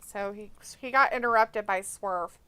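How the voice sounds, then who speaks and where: Bright-voiced, slow-talking woman streamer. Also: mid-range voice, clean tone, no echo. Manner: blunt and profane, reading chat aloud; talks to her cat between remarks. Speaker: live stream host. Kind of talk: casual watch-along chat.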